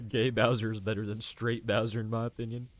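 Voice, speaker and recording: A man's voice: fairly low pitch, steady tone, normal speed, no room sound. A young man live-streaming a video game, chatting casually and profanely and calling everyone "bro.". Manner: chatty and profane, says "bro" constantly, often laughs. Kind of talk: casual gaming commentary. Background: faint game music.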